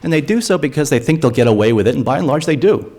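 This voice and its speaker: His voice is on the high side, lively in intonation, quick and a little mellow. He's speaking at a lecture-hall forum on drug policy, arguing earnestly and frequently restarting phrases with repeated words.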